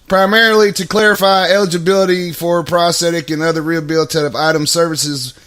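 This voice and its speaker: A fairly high-voiced man hosts a loose, profane live talk show from home. He laughs through his sentences and swears without a pause. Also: fairly bright tone. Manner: laughs a lot, swears freely. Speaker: podcast host. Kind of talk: casual profane chat.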